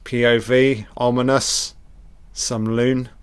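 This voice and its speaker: A man muttering his way through a film in casual watch-along commentary, taking his time between remarks. His tone is blunt and sarcastic, with heavy swearing and dry jabs at the pacing and set design. His pitch sits in an ordinary middle range. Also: flat delivery, slow, smooth. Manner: dry running critique.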